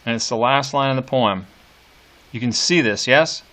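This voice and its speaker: A middle-aged man teaching literature, reading poetry aloud slowly and annotating it, with hesitant fillers. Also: mid-range voice, pushed and bright. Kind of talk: lecture with poem reading.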